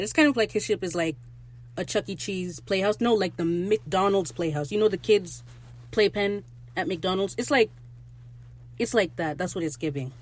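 A host recapping a TV episode in casual, excitable talk, with profanity and rambling asides. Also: mid-range voice.

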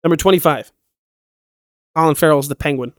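A man's voice: a little high, brisk, fairly bright tone, dry recording, studio quality. A young man co-hosting a podcast in casual chat, blunt and swearing often. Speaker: podcast co-host.

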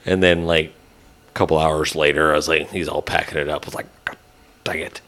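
Deep-voiced laid-back man. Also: little pitch movement, fast talker, a bit bright. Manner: laid-back, storytelling, says dude. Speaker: podcast host. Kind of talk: casual chat.

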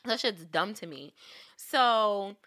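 A young woman telling a story in casual podcast chat, animated and profane, acting out quotes with big jumps in pitch. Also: slow pace.

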